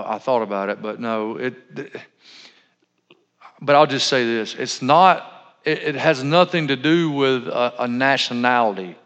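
A pastor with a medium-pitched, fairly bright voice preaches a conversational sermon peppered with asides and self-corrections. The audio is dull and lo-fi, captured in a reverberant hall.

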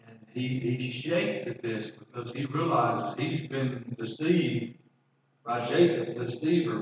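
A pastor with a mid-range, unhurried voice reads scripture aloud and explains it conversationally during a sermon, often repeating words. The distant mic gives a roomy echo and a dull sound, with a little hiss or hum.

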